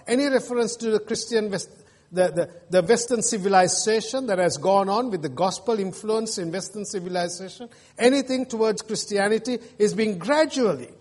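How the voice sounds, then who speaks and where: A man's voice: sits high, a little mellow. A male pastor from Australia preaching an emphatic sermon to his congregation. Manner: emphatic preaching with mocking jeers and pauses. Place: church sanctuary. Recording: reverberant church hall.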